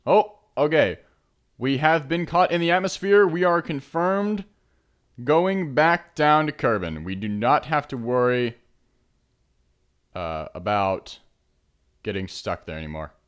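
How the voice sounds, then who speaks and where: A young man casually commenting on his own gameplay, chatty, trailing into mumbles and then breaking into excited shouts. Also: medium pitch, measured pace, pauses often, smooth. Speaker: let's play host. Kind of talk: game commentary.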